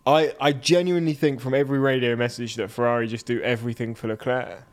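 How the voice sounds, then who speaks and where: A man's voice: mid-range voice, steady tone, fast talker. A young man co-hosting a casual podcast, chatty and opinionated, often laughing. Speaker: podcast co-host. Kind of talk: casual chat.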